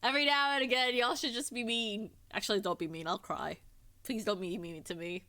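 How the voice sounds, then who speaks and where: A woman's voice: a little high, fairly even intonation, fairly quick, sharp tone. Bubbly, giggly woman streamer chatting. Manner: bubbly, giggly, playfully self-deprecating. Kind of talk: casual chat with a live audience.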